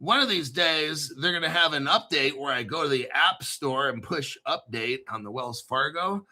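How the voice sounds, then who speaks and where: A man's voice: fairly high pitch, expressive, normal speed, few pauses, pushed and bright. A man hosting casual crypto commentary, swearing freely and bantering back and forth with himself.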